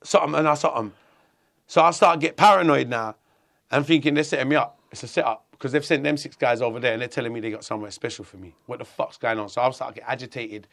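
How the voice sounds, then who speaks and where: A middle-aged man from England, telling a story in an interview, animated and swearing a lot. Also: medium pitch, fast, creaky. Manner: animated, swearing, acts out voices. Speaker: guest.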